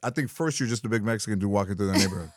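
A man's voice: on the low side, very fast, slight background noise. A middle-aged man, a comedian guest, telling a story in a casual chat. He rambles and restarts his sentences often.

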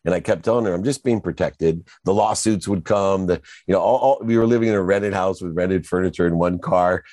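A man's voice: sits low, fairly even intonation, brisk, a little mellow, no room sound, clean studio sound. An older man, a guest entrepreneur, telling his story in an earnest, motivational way during a casual interview.

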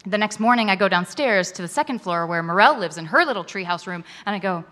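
A woman telling a frank personal story to a live audience, animated and laughing often. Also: mid-range voice, fast.

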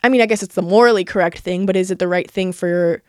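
A woman's voice: lowish voice, a little mellow, no echo, clean studio sound. A young woman in her twenties hosting a podcast, telling a personal story in a rambling, candid way, full of "like" and casual swearing. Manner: fast, filler-heavy talk with lots of "like" and swearing. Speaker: podcast host.

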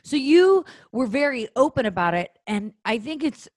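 A woman hosting a casual interview podcast, telling stories in quick, animated bursts. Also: high-pitched, no echo. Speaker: podcast host.

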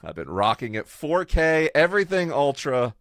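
A young man co-hosting a casual chat, joking with puns and telling animated stories. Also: on the high side, moderate pace, dry recording, clean studio sound. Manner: playful, punning, animated storyteller. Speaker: co-host.

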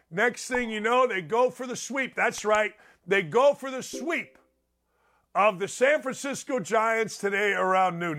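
Middle-aged male sports talk host, high-pitched, loud, ranting, opinionated.

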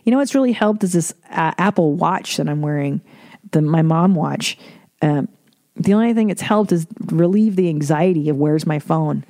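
Woman, middle-aged, podcast host, low voice, rambling, profane, blunt, dry close sound. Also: animated, moderate pace, mellow, dry recording. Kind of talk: casual solo podcast talk.

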